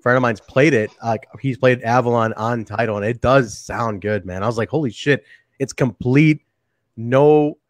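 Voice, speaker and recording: A man's voice: medium pitch, fairly even intonation, moderate pace, few pauses, no room sound. A man chatting casually with his bandmates over a video call, rambling and full of fillers. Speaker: band member. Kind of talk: casual chat.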